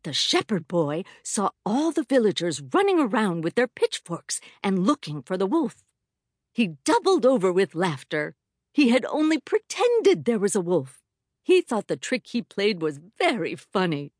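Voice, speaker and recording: A school librarian reads a fable to a room of children in a lively, sing-song storybook voice, voiced by a woman. She colors every line with swooping pitch. The sound is close and dry. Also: measured pace, no room sound. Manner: expressive, dramatic storytelling. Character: warm school librarian reading a fable aloud. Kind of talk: reading a story aloud to children.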